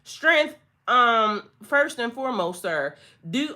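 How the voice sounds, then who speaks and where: A woman's voice: medium pitch, expressive, moderate pace. A woman giving a casual spiritual reading to her viewers, blunt, sassy and full of profanity, speaking. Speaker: spiritual tarot reader.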